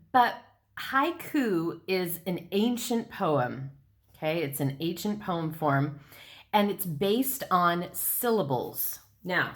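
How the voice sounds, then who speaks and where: Middle-aged woman teaching young kids on video; unhurried, a touch low, patient and clear. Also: a bit bright. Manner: patient, slow and clear, clapping out syllables. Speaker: elementary school teacher. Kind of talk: recorded classroom lesson.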